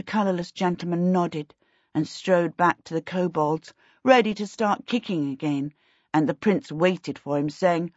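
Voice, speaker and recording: A woman narrates a fantasy novel in a measured, even way. Her voice is low and husky. The sound is dry and a little dull. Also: no room sound. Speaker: audiobook narrator. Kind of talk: scripted narration. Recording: dull, dry lo-fi audiobook recording.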